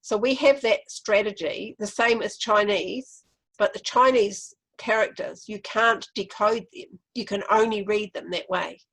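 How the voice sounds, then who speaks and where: A woman's voice: medium pitch, a little slow, a bit bright, poor audio. A woman with a New Zealand accent presenting a literacy webinar, explaining classroom activities step by step.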